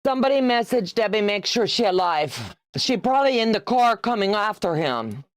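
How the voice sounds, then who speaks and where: A woman in her sixties, with a very animated mid-range voice at normal speed, hosts a quilting livestream captured in a dry, studio-quality recording. She chats casually as she sews, teasing viewers, greeting them by name, reading out their comments, and laughing often.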